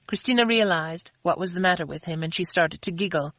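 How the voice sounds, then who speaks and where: A woman narrating an audiobook in a steady, even storytelling manner, close to the mic. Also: lowish voice, brisk, few pauses, no room sound. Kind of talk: scripted narration.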